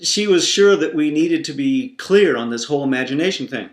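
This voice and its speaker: A man's voice: fairly high pitch, brisk, few pauses. A man teaching a Christian devotional through a playful family story. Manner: warm, playful, expressive storyteller. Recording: roomy echo.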